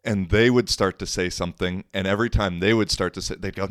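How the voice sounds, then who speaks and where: A man's voice: deep voice, steady tone, a little fast, a bit bright, dry recording, clean studio sound. A young man hosting a podcast, telling a story casually, with rambling fillers, restarts and a wry tone. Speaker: podcast host.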